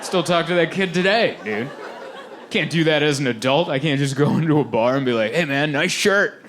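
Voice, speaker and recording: A man doing a stand-up comedy set on stage, animated and laughing often as he acts out little scenes. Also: on the high side, brisk, some chatter behind, slight background noise. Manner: animated, laughing often, acting out quoted voices. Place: live comedy venue with audience.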